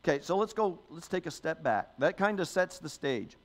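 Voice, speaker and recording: A man's voice: a little high, very animated, moderate pace. A man, a pastor, giving a sermon in a conversational style, often adding "okay?" and "you know", and reading scripture aloud with emphasis.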